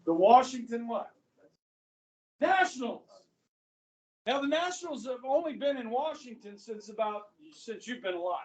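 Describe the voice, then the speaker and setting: A Kansas-accented man leads a history class in a relaxed, talkative way, frequently asking "okay?". He has a very high, expressive voice, a moderate pace and frequent pauses, heard from a distance in an echoey school classroom.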